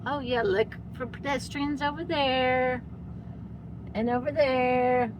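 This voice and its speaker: A woman's voice: sits high, steady tone, slow, highs cut off. A woman vlogging from inside a vehicle and cooing at her dogs in baby talk. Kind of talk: casual vlog chat. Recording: loud vehicle noise behind.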